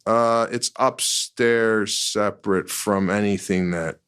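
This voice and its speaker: A man co-hosting a podcast in relaxed, wry casual chat, teasing his co-host. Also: lowish voice, slow, smooth.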